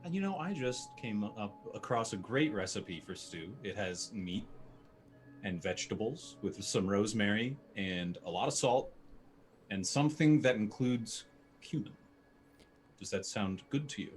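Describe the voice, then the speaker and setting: A man's voice: lowish voice, expressive, unhurried, soft background music. A man playing a tabletop game, talking in a playful, joking way. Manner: playful, joking, laughs often. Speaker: player.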